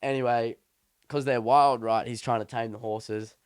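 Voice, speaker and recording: A man's voice: mid-range voice, fairly even intonation, normal speed, smooth, no echo, studio quality. A young man co-hosting a podcast, chatting casually and telling a story in a rambling, slangy way with many restarts. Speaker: podcast co-host. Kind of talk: casual chat.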